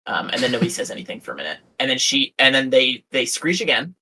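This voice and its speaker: A man hosting a podcast, telling a story in casual chat, animated and self-mocking, swearing freely. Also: medium pitch, quick pace, husky, low-quality recording. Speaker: podcast host.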